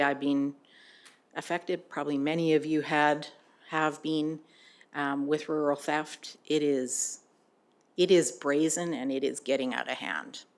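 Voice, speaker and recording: A woman presenting a board update to a council meeting, speaking hesitantly with many fillers. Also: sits low. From Canada.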